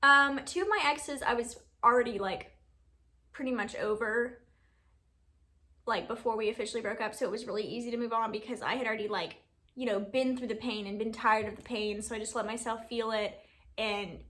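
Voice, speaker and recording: A beauty YouTuber in her 20s from Alabama rambles through a casual Q&A vlog, saying "like" constantly and laughing often. Her voice is bright and a little high, with a steady tone and brisk pace.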